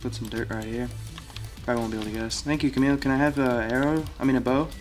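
A man's voice: mid-range voice, steady tone, racing, soft background music. A man playing a block-building game, chatting casually and thinking aloud as he plays. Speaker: Minecraft player. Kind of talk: casual gameplay chat.

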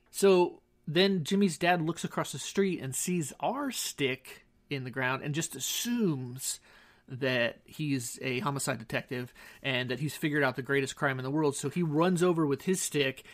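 A middle-aged man from Southern California hosting a podcast, telling childhood stories in a rambling, wry, self-interrupting way into a studio microphone. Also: on the high side. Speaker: podcast host. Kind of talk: casual storytelling monologue. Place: home studio.

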